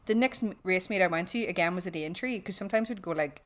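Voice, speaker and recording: A woman with a Northern Irish accent, telling swearing, lively stories in a casual podcast chat. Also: fairly low pitch, fast talker, over a noisy crowd. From West Belfast, Northern Ireland. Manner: swearing storyteller, acts out quotes. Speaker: guest.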